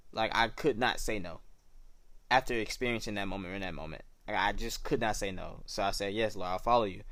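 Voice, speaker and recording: A young man with a fairly low voice tells his faith story in a loose, slangy, reflective way. The sound is dry and close, with no room around him. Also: a bit bright, no room sound. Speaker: podcast host sharing his testimony. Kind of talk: casual personal storytelling.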